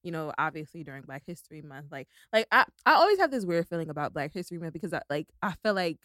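A woman's voice: low-pitched, very animated, quick pace, fairly bright tone, no echo, clean studio sound. A woman co-hosting a podcast in chatty, rambling casual chat, full of "like" and "you know". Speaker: podcast co-host.

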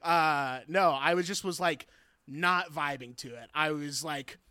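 A man co-hosting a music podcast, telling stories quickly in casual chat. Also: on the high side, sharp tone, smooth, dry recording, clean studio sound. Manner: quick, chatty storytelling. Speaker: podcast co-host.

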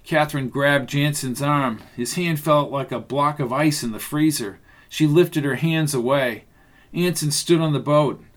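A man reading a novel aloud as narrator, in a steady, measured way. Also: a little high. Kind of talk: audiobook narration.

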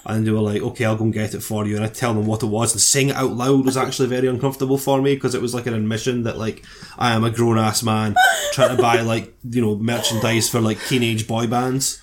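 A man's voice: medium pitch, flat delivery, fairly quick, background noise. Sweary self-mocking Scottish man. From Scotland. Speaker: podcast co-host. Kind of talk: casual storytelling chat.

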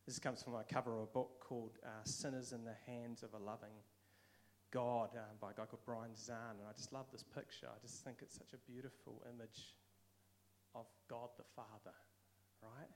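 A man's voice: medium pitch, level tone, normal speed. A man with a New Zealand accent giving a casual, conversational sermon, now and then acting out quoted voices. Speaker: preacher.

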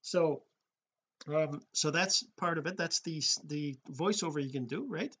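Man for a casual home tutorial: husky, a touch high, loose and self-correcting. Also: a little slow, sharp tone. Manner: rambling, self-correcting, many fillers. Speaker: tutorial host. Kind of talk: casual screen-recorded tutorial. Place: home desk setup with computer.

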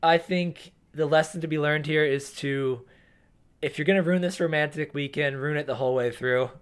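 A man co-hosting a podcast, giving quick, mock-preachy advice in casual banter. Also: a little high, steady tone, clear, resonant tone. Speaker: podcast co-host.

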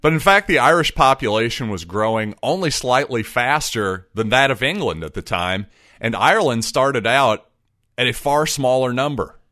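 A man's voice: mid-range voice, animated, moderate pace, pushed and bright, no room sound, clean studio sound. Emphatic man narrating a history lesson. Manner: emphatic, with rhetorical questions. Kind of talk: scripted narration.

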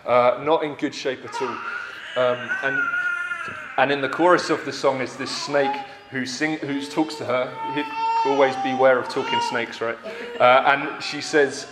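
A man's voice: medium pitch, noisy background. A man preaching a sermon, earnest and emphatic, repeating phrases for effect. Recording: roomy echo.

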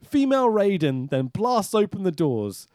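A sarcastic man talks his way through a film recap, swearing freely and laughing along. His voice sits a bit high and swings widely in pitch. The recording is dry and close. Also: big pitch swings, normal speed, a little mellow, no echo. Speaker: podcast co-host. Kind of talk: casual movie recap chat.

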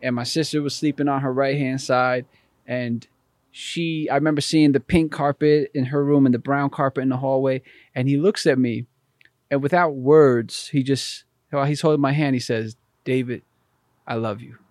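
A man's voice: medium pitch, moderate pace, no echo, studio quality. A man guest on a podcast, telling a personal story in conversation and acting out the voices in it. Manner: animated, acts out voices in his story.

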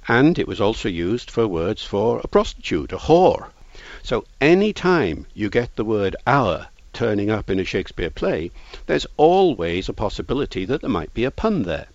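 Measured, low-voiced man, lo-fi. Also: big pitch swings, dry recording. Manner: measured, lecturing. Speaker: language expert guest. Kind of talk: explanatory interview talk. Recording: dull lo-fi recording.

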